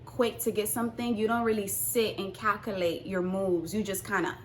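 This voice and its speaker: A young woman vlogger telling a casual storytime, acting out the quotes and swinging between hushed asides and loud outbursts. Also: medium pitch, steady tone, normal speed, noisy background.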